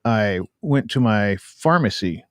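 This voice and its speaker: A man's voice: on the low side, expressive, takes it slowly, clean tone, no room sound, studio quality. A man co-hosting a casual podcast chat, telling a personal story in an earnest, reflective way. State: in cancer treatment. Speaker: podcast co-host.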